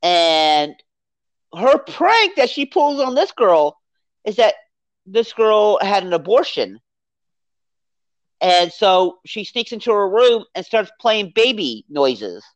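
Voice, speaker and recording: A podcast co-host in a casual movie review chat, rambling and animated as they recount the plot. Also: medium pitch, takes it slowly, no echo. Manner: rambling, animated, acts out character quotes.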